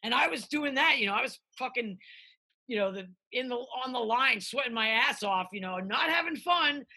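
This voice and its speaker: A middle-aged woman chef on a video call, telling profane, animated kitchen stories and shouting out quoted lines. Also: a little high, moderate pace. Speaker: chef, interview guest. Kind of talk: casual interview chat.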